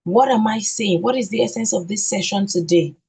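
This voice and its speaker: A woman's voice: mid-range voice, a little mellow, rough recording. A woman training teachers in an online session, repeating key words and answering her own questions. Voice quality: husky. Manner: sounds out letters slowly.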